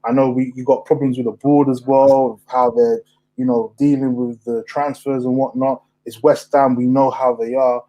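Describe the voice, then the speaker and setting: Animated young man, mellow tone. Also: medium pitch, normal speed, low-quality recording. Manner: animated, slangy, asks questions. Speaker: podcast host. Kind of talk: casual chat.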